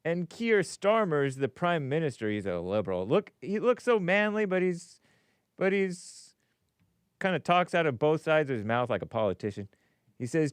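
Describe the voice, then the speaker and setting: A man's voice: on the high side, big pitch swings, normal speed, clean tone, no echo, clean studio sound. A man hosting a rambling commentary show, talking casually with a wry, sarcastic edge. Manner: laughs at his own remarks. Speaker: host.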